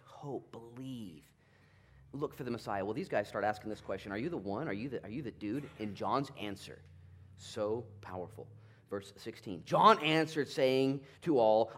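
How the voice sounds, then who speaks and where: A man preaching a Bible study sermon with a fairly low voice. He is animated and often leaps into quick playful voices for the people in the story, then drops back to a low, earnest tone. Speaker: pastor.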